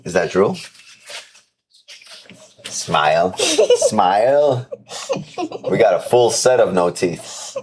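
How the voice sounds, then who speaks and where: A man's voice: deep voice, normal speed, darkish tone, a little hiss or hum. A man hosting a live stream from home, chatting casually, playful and teasing, swearing freely. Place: at home with kids and a dog.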